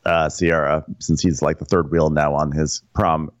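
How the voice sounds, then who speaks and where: A man's voice: rumbling low, little pitch movement, normal speed, dry recording, dull audio. A man co-hosting a podcast, recapping a reality show in casual chat and slipping into mocking impressions of the cast. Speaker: podcast co-host.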